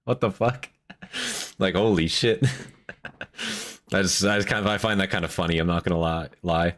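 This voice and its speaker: A man reacting to a lore video in loose, casual commentary. He gets excitable and curses often, and his voice sits a little low. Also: normal speed. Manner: excitable, swears and laughs a lot.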